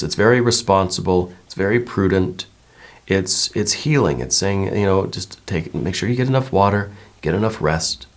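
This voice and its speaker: A man with a very low voice gives a slow, gentle tarot reading. He muses and meanders, hedging his guesses and checking in with viewers as he goes. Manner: musing and meandering, many hedges and repeated "right?". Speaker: tarot reader.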